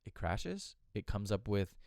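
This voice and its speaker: Male podcast host, low smooth voice, candid and profane, rambling storyteller. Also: sing-song, unhurried, darkish tone, no room sound, studio quality.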